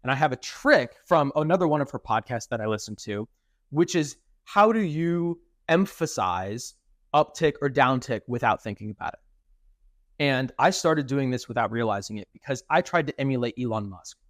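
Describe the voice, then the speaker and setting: A man's voice: medium pitch, expressive, normal speed, no room sound. This is a young man co-hosting a casual podcast. He explains things at length, often acting out how a sentence should rise or fall. His mid-range voice sounds close and dry, with no room around it. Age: young adult. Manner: explanatory, demonstrates intonation with his own voice. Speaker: podcast co-host.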